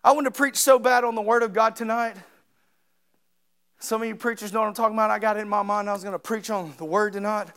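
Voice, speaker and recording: A man preaching a sermon with passion, dropping to quiet asides and rising to shouted peaks. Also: high-pitched, steady tone, fast, clear, resonant tone. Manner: impassioned, swings from quiet to shouting.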